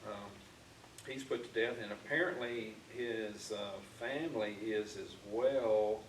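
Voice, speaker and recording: A man's voice: fairly low pitch, slow pace. A man teaching an informal Bible class in a church classroom, talking conversationally with frequent fillers and restarts. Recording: echoey room, distant mic, faint noise.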